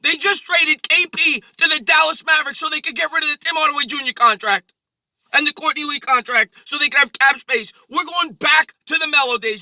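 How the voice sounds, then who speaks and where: A man in his thirties vents into his phone on a cold street, agitated and indignant, with a very high, sharp, tense voice. The sound is dry and close, with no room around it. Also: fairly quick, dry recording, poor audio. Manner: agitated, indignant, repeating himself. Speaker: sports vlogger. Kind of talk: off-the-cuff sports rant. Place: outdoors in a cold city street.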